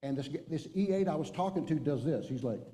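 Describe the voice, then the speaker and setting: A middle-aged man with a very dark, mellow voice gives a motivational talk from a stage to a group of men. He tells war stories and exhorts his listeners with emphatic, punchy delivery. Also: fairly high pitch, lively intonation, fast talker, in a large hall, poor audio. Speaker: retired Marine colonel speaker. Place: stage before an audience.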